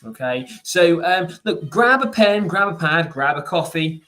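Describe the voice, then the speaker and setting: A man's voice: on the high side, expressive, a little slow, pushed and bright. A man, giving a chatty, upbeat live online lesson for parents, full of fillers and restarts. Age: 40s. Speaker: private tutor.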